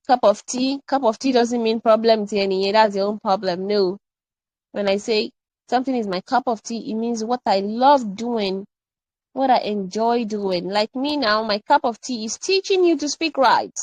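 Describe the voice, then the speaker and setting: A young woman runs a live English grammar workshop. She talks in a fairly high voice, animated and playful, and keeps repeating example sentences. The sound is dry and close. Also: no room sound, poor audio.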